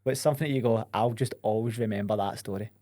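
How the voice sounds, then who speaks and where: A man's voice: lowish voice, fast talker, mellow. A young Scottish man hosting a podcast, chatting casually, swearing and laughing often. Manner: laughs often, swears, says "mate" a lot. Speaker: podcast host. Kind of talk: casual chat.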